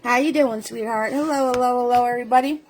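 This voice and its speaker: A woman's voice: fairly high pitch, quick pace, darkish tone, slight background noise. A chatty, upbeat woman hosting a live online painting class who calls her viewers sweetheart. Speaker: paint party host.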